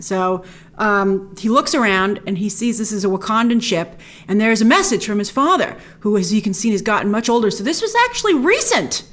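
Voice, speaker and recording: Excited chatty woman show host. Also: a little high. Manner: excited, chatty, quotes characters with little voices. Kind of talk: casual episode breakdown and review.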